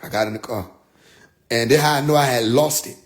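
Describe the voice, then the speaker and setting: A young man tells a personal story casually and at a brisk clip, swearing freely and staying animated as he swings between loud outbursts and low, muttered asides.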